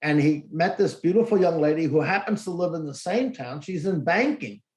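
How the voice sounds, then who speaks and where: Recorded in an echoey room, this casual interview features a middle-aged male podcast host sharing a personal story. His voice sits on the high side at a moderate pace, and he performs the quoted dialogue expressively.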